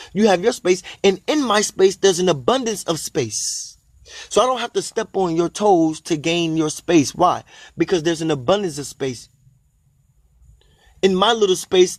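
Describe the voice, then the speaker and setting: A man giving a spiritual monologue, repeating phrases emphatically and drawing key lines out slowly, with bursts of delighted exclamation. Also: high-pitched, dry recording. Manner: exclaims in delight at his own ideas. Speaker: spiritual teacher.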